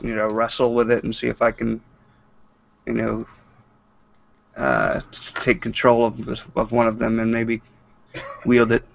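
Gravelly hesitant man, lo-fi. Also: medium pitch, unhurried, pauses often, no echo. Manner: hesitant, many fillers. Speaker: player. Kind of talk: tabletop game play.

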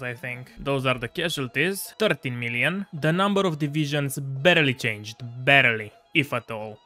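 A man's voice: medium pitch, pushed and bright, clean tone. A man giving casual, exasperated commentary over a strategy game, swearing and laughing at his own mishaps. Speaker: strategy game video creator.

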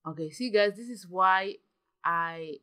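Bright-voiced excitable woman gamer. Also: mid-range voice, measured pace, clean tone. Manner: dramatic, gasps and exclaims, ends points with "okay?". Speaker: gaming YouTuber. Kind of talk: excitable gameplay commentary.

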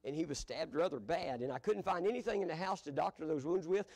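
A man's voice: a little high, fast talker, a little mellow. An older man, a pastor telling folksy stories from the pulpit, chuckling as he goes. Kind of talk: storytelling sermon. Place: church sanctuary.

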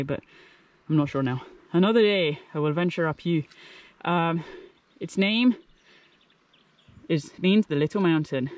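A woman chatting casually to camera as a hiking vlogger outdoors by a lake, self-mocking and quick to laugh. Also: fairly low pitch, a little mellow.

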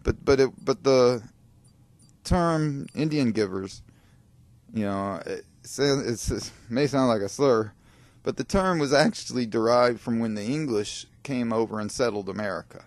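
This gaming video creator has a medium-pitched voice and a measured pace, recorded with no room sound. He rambles through gameplay commentary, grumbling, drifting off topic, and addressing his viewers.

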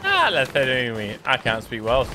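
A man giving jokey, rambling commentary over live gameplay, swearing and muttering to himself between bursts of excitement. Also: medium pitch, normal speed, background noise. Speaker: gaming channel host.

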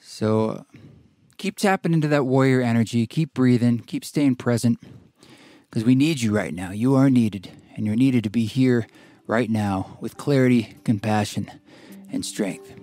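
Relaxed man hosting, dry close sound. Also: medium pitch, unhurried, no echo. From Oregon. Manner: rambling, relaxed, with fillers. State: out of breath. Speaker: podcast host. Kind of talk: casual podcast intro and interview. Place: tiny house studio.

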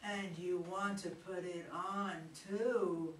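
A woman's voice: lowish voice, steady tone, slow pace. A woman reading the part of a sweet, flirty female elf in an amateur read-aloud play, coaxing and drawn out. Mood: seductive. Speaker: reader in a community reader's theater. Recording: roomy hall, mic far off, faint noise.

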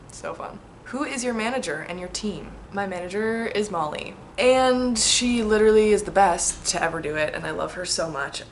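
A young woman in her twenties sits reading a letter from her past self and answers it aloud. Her voice sits at a middle pitch and her talk is chatty and excitable, turning reflective. A faint noise lies under the recording. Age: 20s. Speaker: musician reading an old letter to herself.

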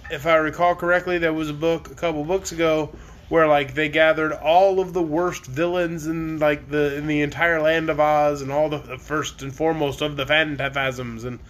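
A man's voice: a little high, flat delivery, normal speed. A man reading a children's chapter book aloud on a live stream, with casual, chatty asides between chapters.

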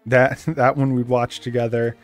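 A young man with a Boston accent chats loosely over a game in a middle-pitched voice. His talk rambles and then jumps into sudden excitement. Soft game music plays faintly underneath. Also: moderate pace. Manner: rambling and chatty, with bursts of excitement. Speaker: gaming channel host. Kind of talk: casual let's play commentary.

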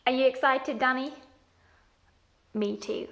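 A woman leading a church group for small children, talking slowly in a sing-song, encouraging way to the young viewers. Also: high voice, steady tone. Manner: slow, sing-song and encouraging, like speaking to toddlers. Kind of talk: addressing small children on video.

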